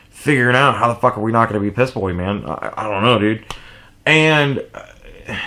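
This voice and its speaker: A man in his late thirties rambling through a profane story in a casual vlog, laughing often and swinging between low mumbles and loud outbursts. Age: 30s. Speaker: vlogger.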